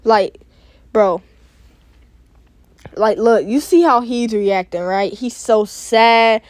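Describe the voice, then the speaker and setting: A young reaction-video host with a high voice speaks slowly about a sad news story, the recording clean with no room sound. His talk is casual and heavy with slang, full of "bro" and "like," and his voice cracks with sadness.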